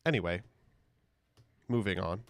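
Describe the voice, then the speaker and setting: A man's voice: low-pitched, unhurried, dry recording. A man live-streaming as he opens trading cards, rambling and joking crudely with his chat.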